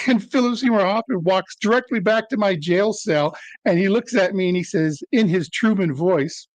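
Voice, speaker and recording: High-voiced man telling anecdotes. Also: moderate pace, no echo. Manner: rambling anecdotal, self-deprecating. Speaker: actor guest. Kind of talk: casual interview storytelling.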